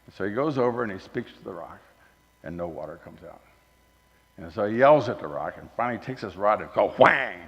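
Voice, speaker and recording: Folksy male guest preacher, expressive delivery, muffled recording with long church echo. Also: lowish voice, a little fast. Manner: folksy, animated, swings from loud emphasis to quiet asides. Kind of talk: sermon. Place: church hall. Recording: dull recording with long hall reverb.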